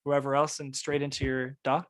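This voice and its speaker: Male instructor on a video call, easygoing and technical, mid-pitched voice, talking through audio settings. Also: a little fast. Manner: relaxed, technical explaining with fillers. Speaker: music production instructor. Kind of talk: casual online workshop teaching.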